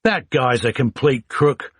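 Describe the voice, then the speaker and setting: A man's voice: medium pitch, lively intonation, normal speed, fairly bright tone, no echo, studio quality, pitched above the performer's own voice. A man doing a blunt, tough Australian lieutenant. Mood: scornful.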